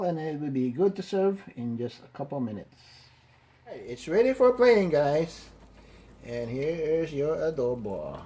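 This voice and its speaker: A man's voice: medium pitch, dark tone. A man hosting a casual cooking demonstration, upbeat and chatty, talking to viewers as he plates and tastes his food. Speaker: cooking channel host. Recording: noticeable kitchen background noise.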